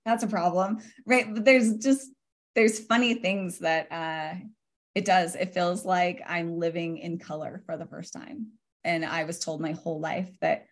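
A woman's voice: lowish voice, vocal fry. A woman in her forties speaks as a podcast guest in an earnest, reflective way. She laughs easily and talks in a loose, conversational flow. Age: 40s. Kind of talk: casual interview talk.

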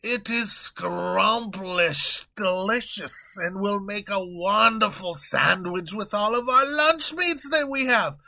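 Man doing a pompous king, high voice, bright, bossy, blustering. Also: slow, vocal fry, few pauses, full character voice. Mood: jovial. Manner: blustery, commanding, prone to yelling.

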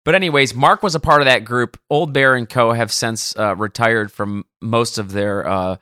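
Bright-voiced rambling man from Detroit. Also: medium pitch, moderate pace, smooth. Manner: rambling storyteller, self-correcting. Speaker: caddie podcast guest. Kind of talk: casual chat.

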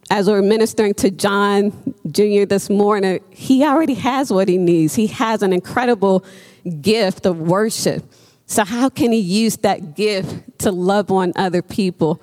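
A woman's voice: medium pitch, darkish tone. Woman preaching, earnest and emphatic, lots of ums, long echo like a church hall. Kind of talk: sermon.

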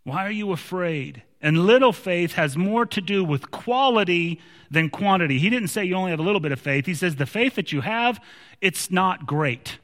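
High-voiced preacher in a reverberant hall. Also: male voice, expressive, moderate pace, fairly bright tone. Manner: emphatic, repeats words when restarting. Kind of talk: sermon.

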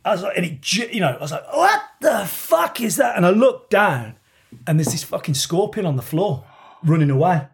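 A man's voice: a little high, animated, brisk. A man telling a long, rambling story in casual podcast banter, swearing freely.

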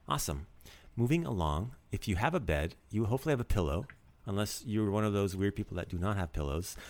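A man's voice: on the low side, animated, fast, darkish tone. A man hosting a casual podcast lesson, chatty and teasing as he teaches vocabulary and drops in foreign phrases.

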